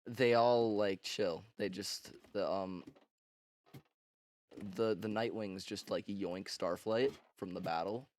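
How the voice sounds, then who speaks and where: A man's voice: lowish voice, takes it slowly, darkish tone. A man casually recapping a story for laughs, rambling and swearing, with lots of fillers and restarts. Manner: rambling, slangy and profane, with frequent fillers and restarts. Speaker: book summarizer.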